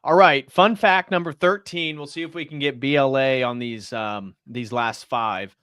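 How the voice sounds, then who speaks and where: A man's voice: medium pitch, normal speed, fairly bright tone, clean tone, no echo, studio quality. A man hosting a video stream, reading out facts from notes and chatting casually. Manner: reads facts from notes, then chats. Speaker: host.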